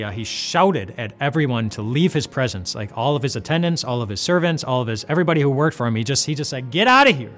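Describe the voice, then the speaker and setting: A man giving an earnest devotional retelling of a Bible story, often repeating words as he goes. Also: medium pitch.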